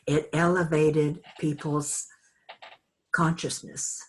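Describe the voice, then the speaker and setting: An older woman teaching an online course, telling a personal story in a slow, halting, reflective way with many fillers. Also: deep voice, little pitch movement. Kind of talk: personal storytelling in a group call.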